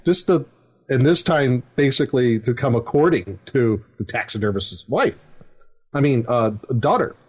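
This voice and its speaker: With an expressive, slightly rough mid-range voice at a moderate pace, a middle-aged podcast host rambles through an anecdote about game-mastering a tabletop game. He fills it with chuckles and fillers.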